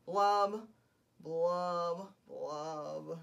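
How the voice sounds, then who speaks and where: A woman voicing a glum male pout fish in a children's storybook, chanting in a loud sing-song with drawn-out blubs. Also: lowish voice, vocal fry, voice pushed down, exaggerated voice.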